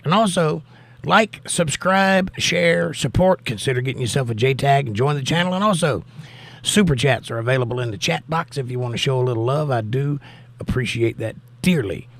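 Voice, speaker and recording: Upbeat older man hosting a live chat. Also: mid-range voice. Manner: upbeat, animated greetings to viewers. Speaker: host. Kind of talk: live-stream chat reading viewer comments.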